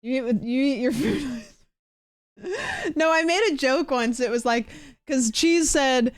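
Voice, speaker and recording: A young adult woman with a hoarse, put-on smoker voice, chatting playfully and rambling through jokes on a live stream. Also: high-pitched, unhurried, no room sound. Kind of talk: casual live-stream chat.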